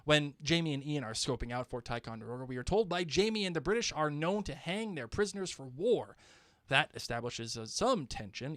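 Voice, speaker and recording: A man co-hosting a podcast, chatting casually and reading listener emails aloud in a playful, animated way. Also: a little high, dry recording, clean studio sound. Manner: playful, animated, breaks into laughter. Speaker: podcast co-host.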